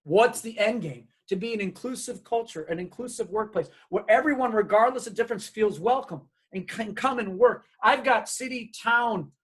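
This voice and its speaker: A man giving a storytelling keynote talk on diversity, lively and acting out his family's voices. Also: sits high, moderate pace, few pauses, breathy edge. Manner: animated, acts out his parents' voices. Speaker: diversity speaker.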